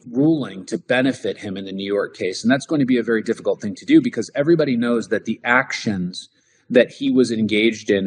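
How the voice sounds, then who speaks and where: Husky low-voiced male podcast host. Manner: conversational, explanatory, frequent restarts. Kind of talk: political talk show discussion.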